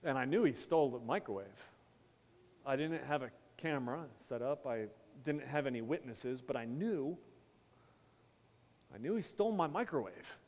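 A man, a pastor, preaching a sermon with dramatic pauses, dropping from loud to hushed and breaking into casual storytelling. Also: mid-range voice, animated. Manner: casual storytelling with quick asides. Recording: long hall reverb.

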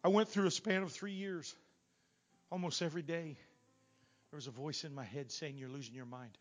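A man preaching a revival sermon as a guest preacher in a church. He swings from loud shouting peaks down to quiet asides. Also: fairly high pitch, moderate pace, soft background music. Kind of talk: Pentecostal sermon. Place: church sanctuary.

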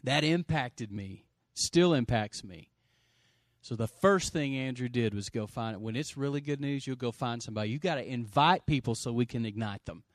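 A middle-aged pastor preaching an energetic sermon, swinging from loud bursts to hushed stretches and calling for amens. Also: male voice, mid-range voice, normal speed, no echo. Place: church sanctuary.

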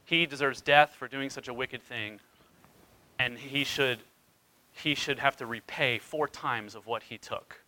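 A man's voice: medium pitch, fairly even intonation, measured pace, sharp tone, low-quality recording. A man preaching a sermon as pastor, retelling scripture dramatically with wide swings in emphasis.

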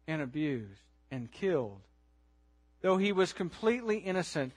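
High-voiced man preaching a dramatic sermon. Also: sing-song, normal speed. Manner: dramatic, swings from hushed to loud; asks listeners to imagine the scene. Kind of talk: storytelling sermon.

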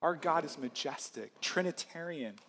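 A male pastor with a high, light voice delivers a sermon in a loose, conversational way. He acts out quotes as he goes and laughs lightly now and then. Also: animated, moderate pace, a bit bright, slight background noise.

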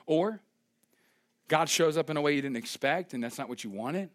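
A man's voice: on the high side, normal speed, pauses often. A young man preaching a sermon as pastor, conversational and emphatic, joking with his congregation.

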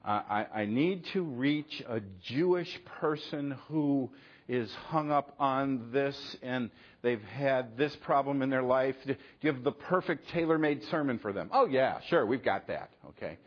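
Middle-aged male pastor, husky voice, dull lo-fi sermon recording, chatty delivery. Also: medium pitch, a little slow. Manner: conversational, acts out quoted exchanges, frequent "okay?".

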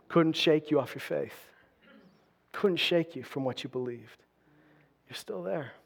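High-voiced man preaching with big swings. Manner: dynamic preaching, swings from loud bursts to quiet lows. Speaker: pastor. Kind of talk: sermon.

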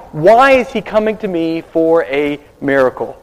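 A man's voice: fairly high pitch, expressive, unhurried, hardly any pauses, smooth. Man preaching in a reverberant hall. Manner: dramatic storytelling with whispered asides. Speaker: pastor. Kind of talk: sermon. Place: church baptism service.

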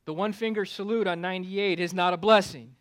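A male pastor preaching a conversational sermon with self-deprecating humor, climbing louder for emphasis and dropping low for asides. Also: steady tone, quick pace. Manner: rises in pitch and volume for emphasis, drops low for asides.

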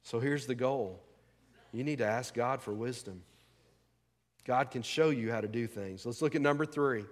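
A man's voice: medium pitch, normal speed, pauses often. A male pastor preaching a sermon in a folksy, conversational way, asking the congregation questions. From rural American South. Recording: long hall reverb.

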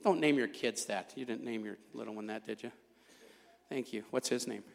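A man's voice: medium pitch, moderate pace, gravelly. A man giving a sermon in a church, joking at his own expense in a conversational manner. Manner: jokey, self-deprecating, conversational. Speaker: guest preacher. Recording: echoey hall.

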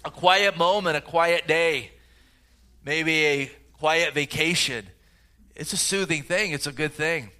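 Bright-voiced man preaching a sermon. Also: on the high side, slow. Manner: conversational, anecdotal storytelling with frequent fillers. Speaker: pastor.

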